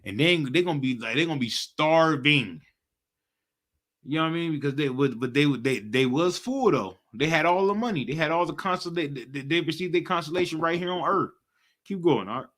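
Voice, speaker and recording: A young man teaching a live-streamed scripture class, talking in animated street slang and often asking "you know what I'm talking about". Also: fairly high pitch, brisk. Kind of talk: casual slangy preaching commentary.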